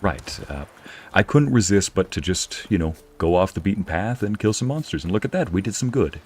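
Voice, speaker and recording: Deep-voiced joking male game streamer. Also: lively intonation, a little fast, slightly rough. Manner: joking, rambling, laughs often. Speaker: streamer narrating a game playthrough. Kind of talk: casual gameplay commentary.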